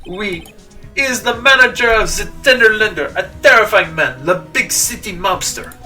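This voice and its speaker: A man's voice: sits high, animated, moderate pace, pushed and bright, voice pushed up, full character voice. A man doing a fretful fake-French restaurateur. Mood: dramatic. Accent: put-on French. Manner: theatrical, whiny. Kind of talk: reading game dialogue aloud. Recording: distant mic with game music.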